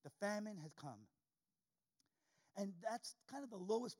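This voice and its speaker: A man's voice: sits high, animated, a little slow, a little mellow. A man preaching a sermon, reading scripture aloud and repeating key lines for emphasis. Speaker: pastor.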